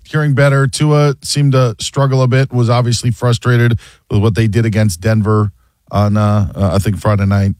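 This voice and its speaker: A man's voice: medium pitch, level tone, normal speed, darkish tone, no echo. A man hosting a sports talk show, asking guests leading questions in a conversational way. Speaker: sports radio host.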